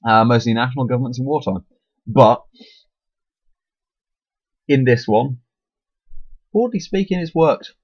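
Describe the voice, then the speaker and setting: A young YouTuber chats casually into his webcam, rambling and putting himself down, restarting often and hiccupping. His voice is medium-pitched, slightly rough and a bit slow, with frequent pauses. The webcam mic gives dull, dry, lo-fi audio.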